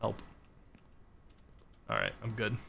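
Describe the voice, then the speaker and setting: Man from the Boston area, casual streamer, bright clear tone, faint hum underneath. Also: on the low side, takes it slowly. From Boston area, Massachusetts. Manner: relaxed, chatty, reads out chat messages. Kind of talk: casual chat while playing a game.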